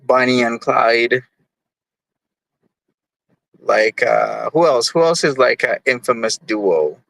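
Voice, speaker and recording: A young Jamaican man hosts a livestream, his medium-pitched voice slow, fairly bright, and touched with vocal fry on a dry, low-quality recording. He chats casually and reads chat messages, rambling in an easygoing way with many fillers.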